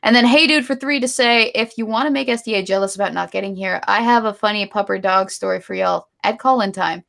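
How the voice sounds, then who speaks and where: A woman's voice: mid-range voice, a little fast, creaky, hardly any pauses, fairly bright tone. A woman co-hosting a casual live stream, ranting with strong opinions and reading viewer donations. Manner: opinionated ranting, then giggly and apologetic. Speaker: stream co-host.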